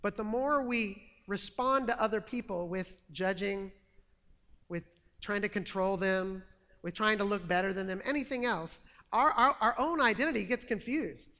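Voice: medium pitch, moderate pace, pushed and bright, in a large hall. A preacher giving a conversational sermon. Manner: conversational, reading a quote aloud.

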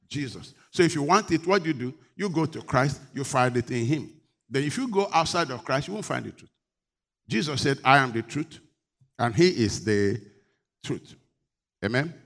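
A middle-aged man from Nigeria preaches to his congregation. His voice sits fairly high, and he keeps things animated, joking and teasing the people as he teaches. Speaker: pastor. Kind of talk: sermon.

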